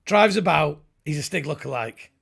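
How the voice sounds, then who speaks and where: Gravelly middle-aged man telling jokes. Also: fairly high pitch, expressive, moderate pace, a bit bright. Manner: rambling, jokey storytelling with comic voices. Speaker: comedian guest. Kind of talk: casual chat.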